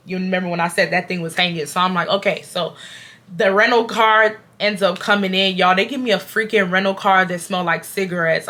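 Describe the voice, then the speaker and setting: Bright-voiced young woman telling a storytime. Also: medium pitch. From Houston, Texas. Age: 20s. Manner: animated, addresses viewers as "y'all", acts out quotes. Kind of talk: casual storytime to camera.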